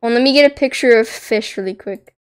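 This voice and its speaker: Young woman co-player, a bit high-pitched, giggly, chatty, gushes over cute pets. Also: fairly quick, smooth. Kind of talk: casual gaming chat.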